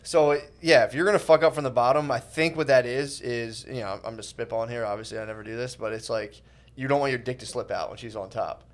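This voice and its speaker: A man's voice: medium pitch, steady tone, fast. A man hosting a podcast, telling crude rambling stories in casual chat and laughing through them. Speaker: podcast host.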